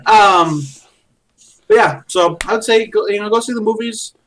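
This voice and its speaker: A man with a slightly higher voice co-hosts a podcast in a casual, rambling way. He retells movie scenes and jokes from a close desk mic. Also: normal speed, fairly bright tone, slight background noise. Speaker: podcast co-host. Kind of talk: casual chat.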